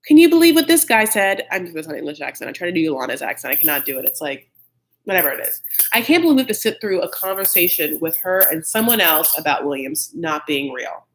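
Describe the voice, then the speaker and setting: A man's voice: fairly high pitch, expressive, fast, a bit bright, a little hiss or hum. Catty man gossiping about reality TV. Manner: catty, gossipy, blunt with frequent "like"; mocking quoted voices of reality cast. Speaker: reality TV recap host. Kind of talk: live chat recap commentary.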